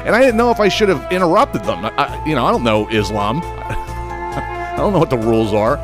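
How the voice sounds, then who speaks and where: A man from the United States hosting a podcast, telling a comedic story in a profane, animated way with stammering restarts. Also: lowish voice, a little fast, over music. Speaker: podcast host.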